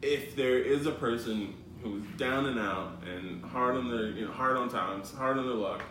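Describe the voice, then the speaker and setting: A man's voice: mid-range voice, normal speed, recorded from a distance. A man co-hosting a podcast, telling anecdotes casually, swearing freely and laughing through his lines. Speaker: podcast co-host. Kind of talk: casual chat. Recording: echoey room, mic set back, faint hiss.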